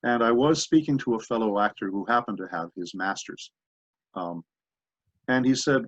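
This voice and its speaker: A man's voice: on the low side, moderate pace, no echo. A man voice actor in an interview, telling rambling anecdotes full of asides. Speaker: voice actor guest. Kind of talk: interview conversation. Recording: dull dry lo-fi audio.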